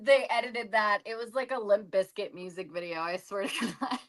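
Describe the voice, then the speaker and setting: A woman's voice: medium pitch, moderate pace. A woman co-hosting a podcast, chatting about a movie and jumping in with wry comments. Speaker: podcast co-host. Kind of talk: casual movie recap chat.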